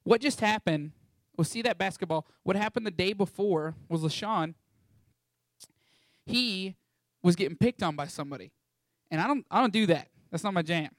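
Animated young man telling a story. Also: high voice, moderate pace, dry recording. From Texas. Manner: animated, acts out voices in his stories. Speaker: ministry school student sharing a testimony. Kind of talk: storytelling talk to an audience.

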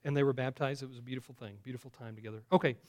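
A pastor preaching a conversational sermon, asking the congregation questions, with many fillers and restarts. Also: male voice, medium pitch, steady tone, very fast, darkish tone.

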